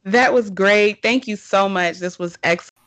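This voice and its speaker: A woman hosting a podcast in casual chat, chatty and quick to affirm her guest. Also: mid-range voice, a bit bright, dry recording. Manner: chatty, lots of affirming yeses. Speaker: podcast host.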